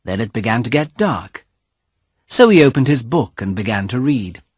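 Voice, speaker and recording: A man reading a graded-reader story aloud as narrator, slowly and carefully. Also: mid-range voice, lively intonation, husky, no echo, studio quality.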